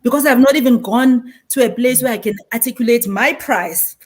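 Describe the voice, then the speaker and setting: A South African woman in her forties with a Zulu-inflected accent, a marketing speaker giving an animated conference panel talk and mixing in Zulu phrases. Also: fairly high pitch, normal speed.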